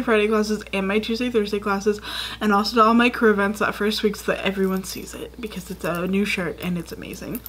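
A woman's voice: mid-range voice, fairly bright tone. Chatty young woman rambling to camera. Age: 20s. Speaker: vlogger. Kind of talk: casual storytelling to camera.

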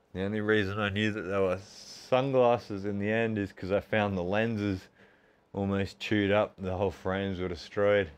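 A man's voice: medium pitch, smooth, dull audio. An Australian man in his forties chatting casually and self-mockingly to his viewers while doing push-ups, counting reps between jokes. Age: 40s. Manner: chatty, self-mocking, keeps calling the audience folks. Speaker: fitness streamer. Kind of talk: casual chat while working out.

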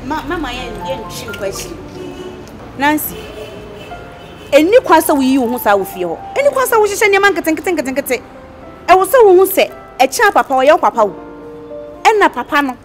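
A woman's voice: sits high, big pitch swings, moderate pace, long pauses, soft background music. An actress playing a reproachful woman who speaks in Ghanaian pidgin English and Twi. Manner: scolding, reproachful. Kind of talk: Ghanaian film acting.

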